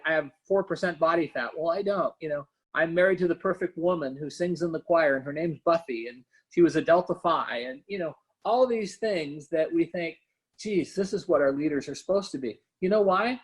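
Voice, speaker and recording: A man's voice: high-pitched, a bit bright, rough recording. A man, a company founder and CEO, talking candidly and personally in a webinar conversation, filling gaps with "you know" and "right?".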